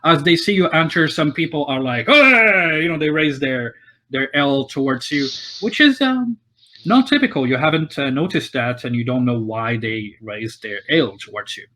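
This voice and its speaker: Acting as game master for a tabletop game, a man narrates with plenty of fillers and restarts. He has a mid-range, fairly bright voice and speaks at a moderate pace.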